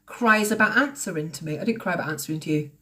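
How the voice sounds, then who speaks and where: A woman's voice: lowish voice, fast talker, pushed and bright. A woman in her late thirties, ranting on a livestream in a confrontational, sweary, sarcastic way. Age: late 30s. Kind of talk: heated livestream rant. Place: at home, recording on TikTok Live.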